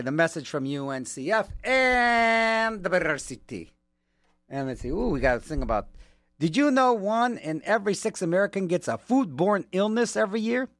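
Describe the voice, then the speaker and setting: A man's voice: fairly high pitch, a bit bright, no room sound. A man working as a radio DJ, chatting casually between songs with rambling, joking asides, from a studio mic.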